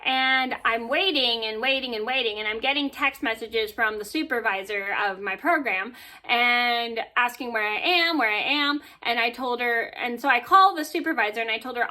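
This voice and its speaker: Bright-voiced chatty woman vlogger. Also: a little high, moderate pace. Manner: chatty and animated, with fillers and "blah blah". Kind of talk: casual storytelling to camera.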